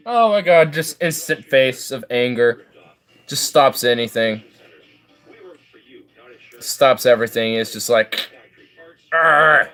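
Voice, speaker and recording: A man's voice: medium pitch, takes it slowly, long pauses. A man streaming a game, joking and swearing as he reacts. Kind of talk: casual gaming commentary.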